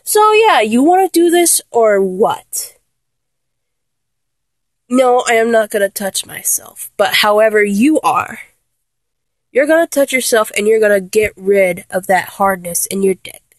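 A woman's voice: medium pitch, animated, unhurried, no echo. A young woman performing a playful one-sided phone role-play, teasing and giggling as she talks to an unheard listener.

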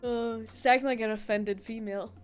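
Woman, slow and giggly in casual banter, fairly high voice, faint music behind. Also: fairly even intonation. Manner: giggly, drawn-out speech. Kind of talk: casual joking chat.

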